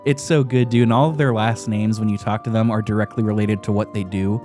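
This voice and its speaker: A man's voice: on the low side, steady tone, a little fast, over music. A man hosting a podcast, enthusiastically recapping a video game in casual, profane chat, often laughing. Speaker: podcast host.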